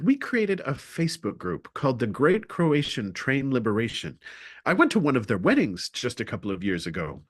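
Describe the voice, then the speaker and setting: A man presenting a webinar, telling a comic story with lively timing and then turning to his main points. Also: mid-range voice. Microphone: video call.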